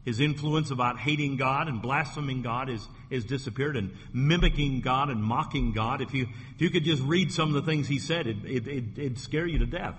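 A man's voice: mid-range voice, normal speed, hardly any pauses, a bit bright. A man preaching a sermon, emphatic and repetitive, often restarting his phrases. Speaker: pastor. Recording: long reverb, faint ambient noise.

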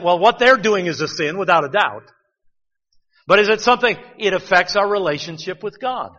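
A man's voice: high-pitched, lively intonation, fairly quick, bright, forceful tone, long reverb tail, lo-fi sound. A man preaching a sermon, talking conversationally and asking rhetorical questions.

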